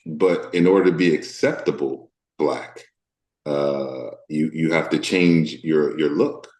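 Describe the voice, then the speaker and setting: A Deep South man, an actor appearing as an interview guest, talks candidly in a thoughtful, halting way full of fillers. His tone is somewhat dark, and the recording is reverberant.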